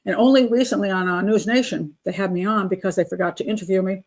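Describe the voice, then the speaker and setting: A woman's voice: mid-range voice, quick pace, a little mellow. An older woman hosting a live chat show, blunt and opinionated, laughing often as she reads out viewer comments.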